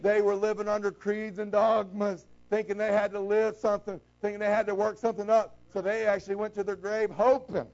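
Male preacher, very high voice, fair amount of fry, fervent and shouty at peaks, muffled lo-fi sound. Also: level tone. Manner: impassioned, breaks into shouts, slows down to stress key lines. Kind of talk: sermon. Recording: dull lo-fi recording.

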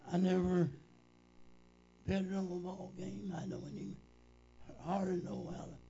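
An older male preacher with a deeply gravelly, creaky voice that still sits fairly high for a man. He tells his stories slowly and folksily, looping back through "said" as he retells old conversations. The recording is dull and lo-fi. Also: monotone, dark tone, slight background noise. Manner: folksy, repetitive, retells dialogue with "said". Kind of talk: reminiscing storytelling.

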